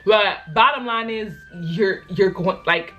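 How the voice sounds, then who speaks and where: A young woman from Baltimore, a vlogger telling a story in a lively, slangy and dramatic way. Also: mid-range voice, takes it slowly, muffled recording, soft background music. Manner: animated, slangy, dramatic retelling. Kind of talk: casual storytime.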